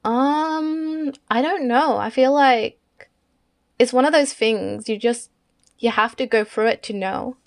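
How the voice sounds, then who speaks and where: Woman with a gravelly, relaxed voice. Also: a little high, slow. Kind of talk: casual chat.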